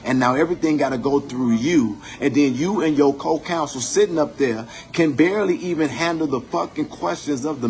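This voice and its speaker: A man's voice: on the high side, a little mellow. A man giving an impassioned, profane commentary monologue, building his points with preacher-like repetition.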